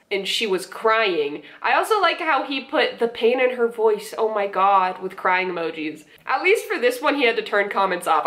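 A woman's voice: mid-range voice, fairly bright tone. A woman giving blunt, profane commentary on prank videos, laughing at her own remarks. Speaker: YouTuber reacting to prank videos. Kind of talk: casual commentary.

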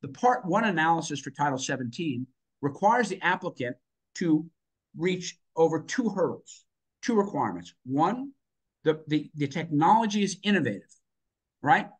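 A man's voice: fairly high pitch, big pitch swings, moderate pace, breathy edge. A man on a panel, talking emphatically with rhetorical asides and growing enthusiasm. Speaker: panel guest, finance expert.

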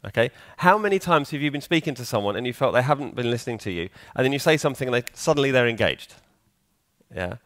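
A man's voice: medium pitch, expressive, fast talker, fairly bright tone, no echo, clean studio sound. Chatty man quizzing a conference audience. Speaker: conference speaker. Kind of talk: conference talk. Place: conference hall.

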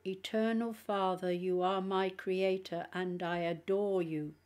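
A woman reading an audiobook voices a solemn male priest, slowly intoning commands and prayers. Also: fairly low pitch, fairly even intonation, darkish tone, lightly acted. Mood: commanding.

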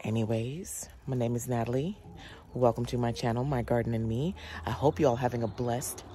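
A woman's voice: rumbling low, fairly quick, mellow. A woman, chatting casually in a gardening vlog and a little out of breath. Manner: chatty, lots of fillers and "y'all". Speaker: gardening vlogger.

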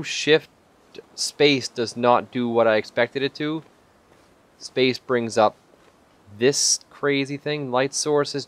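A man playing a survival video game and talking through it in casual commentary, chatty and profane, with sudden excited yelps. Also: mid-range voice. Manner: chatty, swears a lot, bursts into excited yelps. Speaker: gaming channel host. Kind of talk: let's play commentary.

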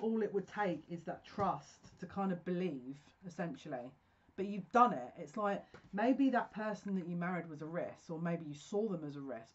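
A woman's voice: mid-range voice, highs cut off. A woman giving a pick-a-card tarot reading, effusive and emotional, talking in bursts with restarts.

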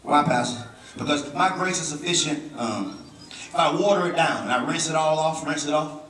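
A man preaching a sermon as pastor with a Southern US accent, swinging from low talk to shouting and calling on the congregation to answer. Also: moderate pace, slight background noise. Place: church sanctuary. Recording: roomy church sound from a distance, music behind.

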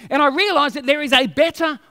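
A male pastor preaching a sermon in a chatty, animated, storytelling way. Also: very high-pitched, fast, big-room sound.

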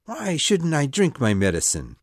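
A woman voicing a brave young boy hero in an audiobook, in a lower, earnest boyish voice. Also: huge pitch swings, normal speed, no room sound, clean studio sound, exaggerated voice. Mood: defiant. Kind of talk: audiobook reading.

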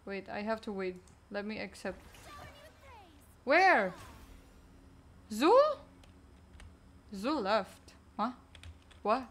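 A woman's voice: medium pitch, steady tone, a little slow, slight background noise. A woman streamer chatting casually while gaming, answering chat in a chatty, distracted way.

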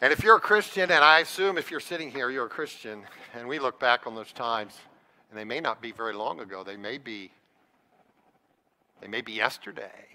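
A pastor with a medium-pitched, sharp-toned voice preaches fairly quickly to his congregation in a church sanctuary. He is earnest and keeps putting questions directly to his listeners, and the recording carries a long church reverb.

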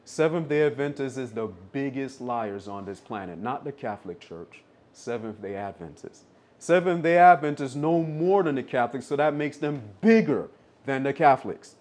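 A man's voice: mid-range voice, lively intonation, normal speed, a little mellow. A man preaching a sermon, insistent and repeating his points for emphasis.

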